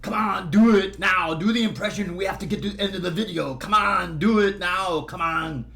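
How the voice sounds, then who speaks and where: A man's voice: high voice, normal speed, gravelly, pushed and bright, distant mic, pitched above the performer's own voice, heavily acted. A man putting on the pushy, barking voice of a muscle-bound action hero with a heavy accent. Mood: impatient. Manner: barking, insistent.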